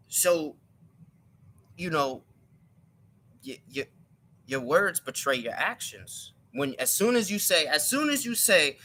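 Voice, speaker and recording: A man's voice: a little high, lively intonation, slow, pauses often, pushed and bright. A man giving an emphatic opinion monologue on his live stream, often repeating and restarting his words.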